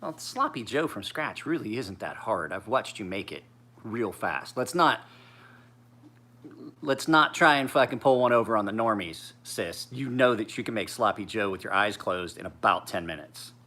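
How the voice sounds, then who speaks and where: A man's voice: lowish voice, lively intonation, normal speed, sharp tone. A man in his forties, tired, chatting casually as a knife sharpener in a rambling, profane, laid-back way. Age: 40s.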